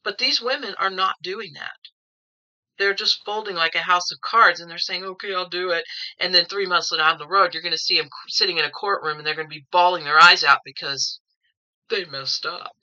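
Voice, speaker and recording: A woman's voice: on the low side, fairly quick, pushed and bright, lo-fi sound. A woman giving a casual tarot reading at home, rambling and opinionated, often repeating words as she thinks. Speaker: tarot reader.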